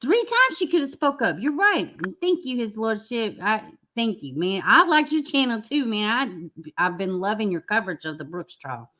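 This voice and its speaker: A woman's voice: fairly high pitch, sing-song, moderate pace, hardly any pauses, bright, forceful tone. A woman hosting a reaction commentary channel, blunt and indignant, swearing freely as she reacts to clips.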